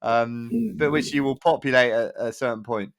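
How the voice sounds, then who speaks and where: A man's voice: medium pitch, moderate pace, no echo, studio quality. A man hosting a podcast, chatting casually with an old school friend, swearing and laughing as he tells stories. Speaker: podcast host. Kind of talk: casual chat.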